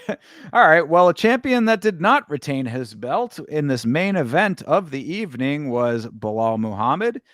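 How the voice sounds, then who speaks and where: A man's voice: a little high, big pitch swings, normal speed, fairly bright tone, dry recording, studio quality. A man co-hosting a casual fight breakdown, easygoing and agreeable, with many hedges. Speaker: co-host.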